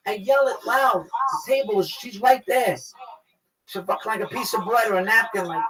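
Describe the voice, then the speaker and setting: A man with a New York accent telling a profane story as a guest, loud and excitable, acting out the quotes. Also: sits high, moderate pace. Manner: loud, excitable, swears a lot, acts out quotes. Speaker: guest actor. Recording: distant mic, noisy crowd behind.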